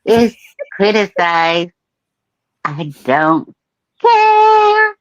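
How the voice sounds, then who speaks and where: A woman's voice: lowish voice, animated, unhurried, highs cut off. A woman in casual comedic chat, playful and slangy, singing lines in a mocking way.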